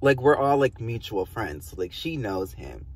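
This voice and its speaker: A young man casually telling a storytime on his vlog, animated and swearing a lot, with many "like" fillers. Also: mid-range voice, moderate pace, vocal fry, recorded from a distance. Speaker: vlogger.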